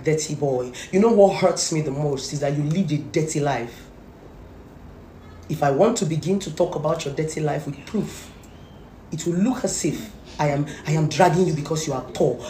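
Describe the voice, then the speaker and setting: A woman's voice: fairly low pitch, darkish tone, slight background noise. Scolding Nigerian woman in an echoey room. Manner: scolding, repetitive, confrontational. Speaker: celebrity gossip commentator. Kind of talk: angry rant to camera.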